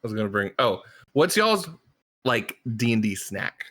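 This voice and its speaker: A man's voice: lowish voice, big pitch swings, moderate pace, a bit bright. A man introducing himself as a player in a laid-back, rambling way with lots of fillers. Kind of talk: casual chat.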